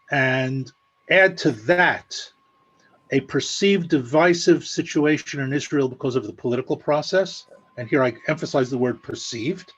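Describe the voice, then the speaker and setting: Measured male analyst on a muffled call. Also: a little high. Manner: measured, explanatory, dryly sarcastic asides. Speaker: guest analyst. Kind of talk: spoken analysis at an online meeting.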